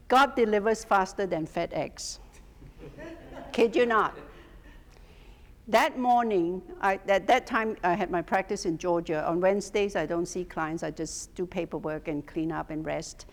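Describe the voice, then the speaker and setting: A woman's voice: mid-range voice, measured pace. Middle-aged woman telling a story in a hall. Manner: lively anecdotal storyteller, laughs often. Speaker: hypnotherapy instructor. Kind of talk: storytelling lecture to a class. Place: teaching room with an audience. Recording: long hall reverb.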